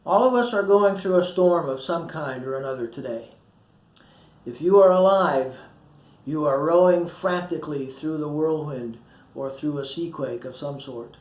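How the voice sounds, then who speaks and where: A man's voice: a little high, moderate pace, a little mellow, roomy sound, lo-fi sound. A male pastor giving a short sermon, reading scripture with feeling and acting out the quoted voices. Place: church.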